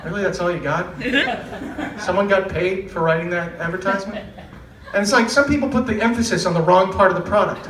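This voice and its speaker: A man doing a stand-up comedy set in a club, sarcastic and animated, laughing and swearing as he talks. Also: high voice, brisk. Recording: roomy club sound from a distant mic, with noise.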